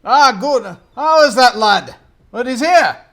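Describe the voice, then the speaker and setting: A man voicing a heavy older gentleman who greets old friends loudly and heartily. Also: extremely high pitch, lively intonation, takes it slowly, voice pushed up, heavily acted. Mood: delighted. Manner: hearty and boisterous. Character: jovial heavy older male host, loud and booming.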